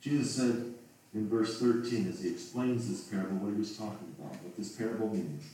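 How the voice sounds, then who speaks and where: A man's voice: lowish voice, brisk, warm tone, a little hiss or hum. A man preaching a sermon, reading scripture aloud and asking pleading rhetorical questions. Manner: reads King James scripture aloud, then asks pleading rhetorical questions. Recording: roomy echo from a distant mic.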